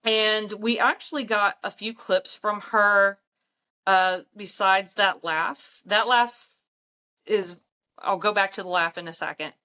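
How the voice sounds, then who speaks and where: Bright-voiced chatty woman. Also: medium pitch, takes it slowly. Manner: chatty, frequent ums and laughs. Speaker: paranormal investigator, guest. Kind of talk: casual storytelling chat.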